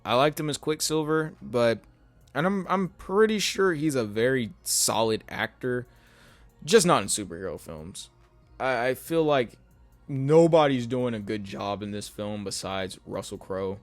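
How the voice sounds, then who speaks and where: A man's voice: medium pitch, expressive, unhurried, no room sound, faint music behind. Weary rambling man, dry close sound. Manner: rambling, weary, many fillers and restarts. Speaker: YouTube movie reviewer. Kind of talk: casual spoken film review.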